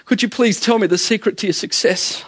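Aussie pastor doing a starved little worm, feeble and super polite, voice a bit high. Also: male voice, fairly quick, fairly bright tone, husky. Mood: pleading. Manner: polite, weary pleading.

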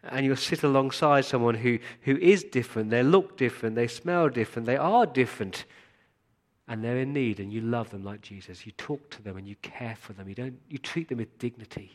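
A man's voice: mid-range voice, fairly quick. A male pastor giving a sermon, speaking earnestly and appealing directly to his congregation.

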